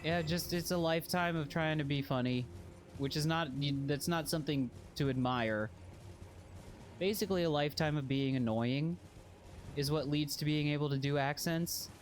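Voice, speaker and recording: A man's voice: on the high side, normal speed, a little hiss or hum. A man casually chatting while streaming a video game, rambling and joking at his own expense. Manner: rambling, self-deprecating, jokey. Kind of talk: casual gameplay chat.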